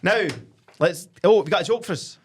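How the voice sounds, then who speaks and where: A Scottish man in casual football-podcast chat, bantering and joking in quick bursts. His voice sits a little higher than most men's. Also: husky. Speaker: podcast co-host.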